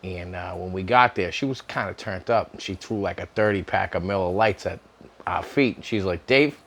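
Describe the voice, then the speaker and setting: A man's voice: low-pitched, moderate pace. A middle-aged man casually telling a personal story to camera, swearing freely and laughing often. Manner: profane, laughing often, animated.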